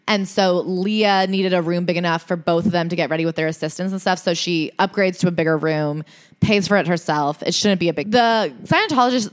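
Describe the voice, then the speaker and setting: Woman podcast host, casual recap, animated, drops swear words, mid-range voice. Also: mid-range voice. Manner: animated storytelling with acted-out quotes, casual swearing. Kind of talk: casual chat, book recap.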